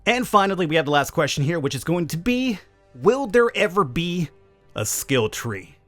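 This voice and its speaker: A man's voice: fairly high pitch, sing-song, normal speed, a bit bright, no echo, faint music behind. A man hosting a gaming channel, answering viewer questions in casual, chatty commentary with opinionated, wry asides. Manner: chatty, opinionated, self-aware cynical asides.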